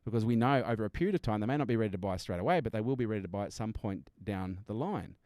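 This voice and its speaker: Guesting on a lively podcast interview, this business strategist talks at a racing clip in a lowish, slightly mellow voice with lively intonation. He's blunt and emphatic, dropping the odd swear word and impersonating customers. The studio-quality audio has no room sound.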